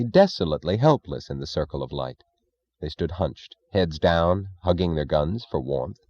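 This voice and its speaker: A man narrating an audiobook in a steady, deliberate reading. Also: low voice, dry recording, highs cut off.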